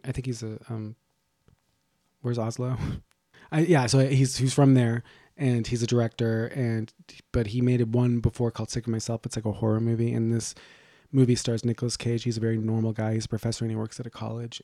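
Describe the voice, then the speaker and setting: A man co-hosting a podcast in casual chat, rambling and joking with quick asides. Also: medium pitch, mellow, no room sound, studio quality. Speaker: podcast co-host.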